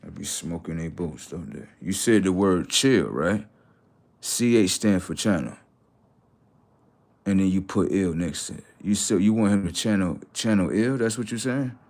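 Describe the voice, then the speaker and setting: A man's voice: low-pitched, lively intonation, unhurried, darkish tone. A man hosting a casual livestream, mocking and scolding his chat with teasing, repetitive remarks. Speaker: livestream host.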